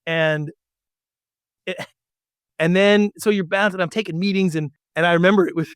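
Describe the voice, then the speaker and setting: A middle-aged man telling a story as an interview guest, animated and acting out the dialogue. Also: sits high, moderate pace, clear, resonant tone, no echo, studio quality. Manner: animated, acts out quoted dialogue. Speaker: podcast guest.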